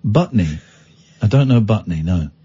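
A male radio host in relaxed banter, his pitch swinging widely as he teases and feigns seriousness. His voice has a slightly husky edge, and the sound is a little dull and lo-fi, like a broadcast. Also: moderate pace, dry recording. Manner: joking, mock-serious, teasing. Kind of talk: casual radio chat.

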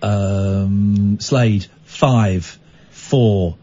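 A man's voice: lowish voice, steady tone, extremely slow, mellow. A man hosting a late-night radio phone-in, playful and teasing, with mock outrage. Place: radio studio. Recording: muffled radio broadcast.

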